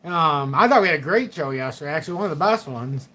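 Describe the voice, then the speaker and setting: A man's voice: a little high, animated, fast, sharp tone. A middle-aged man hosting a live chat stream, joking, laughing often and swearing casually. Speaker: livestream host.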